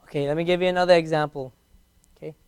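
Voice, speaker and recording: A man teaching a beginners' class in a classroom, patiently repeating each word slowly for his students. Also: on the high side, steady tone, darkish tone, clear, resonant tone. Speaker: Arabic teacher. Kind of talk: classroom language lesson.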